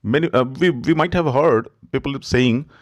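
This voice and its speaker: A man with an Indian English accent teaching pronunciation, slowly repeating each word as a drill. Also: medium pitch. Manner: slow, instructive, repeats words for drill. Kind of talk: pronunciation lesson.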